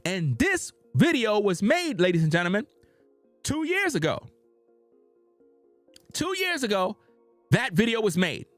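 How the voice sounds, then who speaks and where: A man's voice: sits high, very animated, a little slow, long pauses, fairly bright tone, no room sound, soft background music. A man hosting a heated commentary monologue, insistent and repetitive with preacher-like emphasis. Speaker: commentary channel host.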